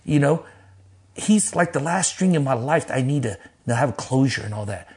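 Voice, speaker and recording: A middle-aged man, a pastor, telling his life story in an interview in a lively, casual way, acting out quotes in a raised voice and cursing freely. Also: a little fast. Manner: animated, acts out quotes in a high voice, laughs, swears casually.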